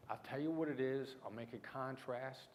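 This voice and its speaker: Emphatic man with Midwestern-New York accent. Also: medium pitch. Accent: mix of small-town Midwestern and New York City. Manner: punchy, emphatic storytelling with dramatic pauses. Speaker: keynote speaker, negotiation expert. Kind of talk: conference keynote storytelling. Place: large lecture hall. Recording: hall reverb, faint room noise.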